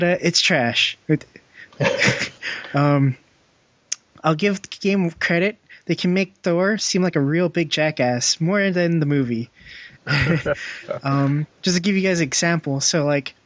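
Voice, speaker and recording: A man's voice: on the high side, no echo. A young man co-hosting a casual gaming podcast, rambling with lots of fillers and frequent laughs. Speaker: podcast co-host. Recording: dull, dry lo-fi podcast audio.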